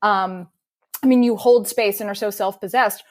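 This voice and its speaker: A woman's voice: mid-range voice, steady tone. A woman guest on a podcast, an author, chatting playfully, laughing and poking fun at herself. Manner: playful, self-deprecating, quick to laugh. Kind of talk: casual interview chat.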